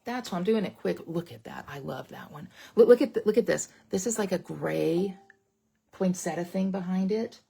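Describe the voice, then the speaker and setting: A middle-aged woman chatting excitedly through a card-making demonstration, talking straight to her viewers. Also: on the low side, normal speed, vocal fry, breathy edge. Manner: bubbly, chatty, exclamatory, talks straight to viewers. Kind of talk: casual craft demonstration, live stream.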